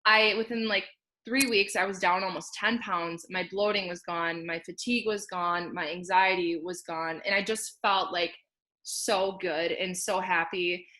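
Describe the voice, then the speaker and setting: A woman's voice: lowish voice, steady tone, measured pace, pushed and bright. A young woman sharing her personal success story from home in an upbeat, chatty way, laughing often and peppering her speech with "like.". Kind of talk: casual personal testimonial.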